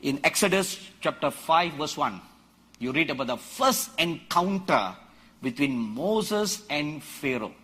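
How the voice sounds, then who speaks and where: Guy preaching, high bright voice, swings up and down a lot, kinda husky, takes it slow. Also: animated. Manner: emphatic, rising to shouts, dramatic quoting of scripture. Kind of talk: sermon. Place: large conference hall.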